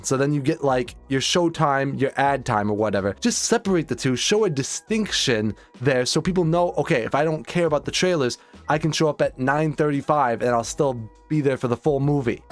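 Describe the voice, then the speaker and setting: A young man ranting as a film commentator, exasperated, sarcastic and often profane. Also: medium pitch.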